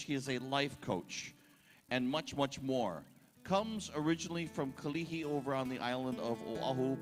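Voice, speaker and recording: A man with a Hawaiian accent emceeing a festival on stage, chatting and joking with the crowd. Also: medium pitch. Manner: jokey, chatty, playful with the audience. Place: large ballroom stage. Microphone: stage microphone through PA. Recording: reverberant hall over PA.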